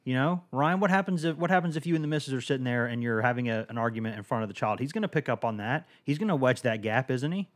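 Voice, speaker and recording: A man's voice: mid-range voice, quick pace, hardly any pauses. A man co-hosting a sports podcast, joking and teasing at length before getting to the analysis. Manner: joking, teasing, long-winded. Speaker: podcast co-host. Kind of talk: casual sports podcast chat.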